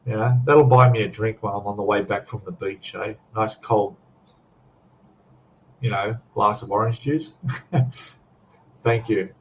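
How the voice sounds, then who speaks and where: A man's voice: lowish voice, little pitch movement, unhurried, long pauses, dull audio, slight background noise. An older Australian man hosting a casual live stream chat, rambling and chuckling as he reads out viewer comments. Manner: rambling, chatty, laughs often, reads out chat.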